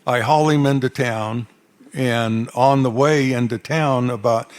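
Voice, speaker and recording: A man's voice: medium pitch, fairly even intonation, a little slow. An older man from Arizona, telling cowboy stories onstage in a folksy, dry-humored drawl. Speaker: cowboy storyteller. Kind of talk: onstage storytelling. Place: stage before a live audience.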